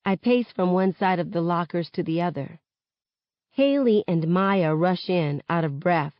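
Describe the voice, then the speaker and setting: A woman reading a novel aloud in first person, with expressive narration. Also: lowish voice, unhurried, no room sound. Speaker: reader. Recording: dull, close, dry audio.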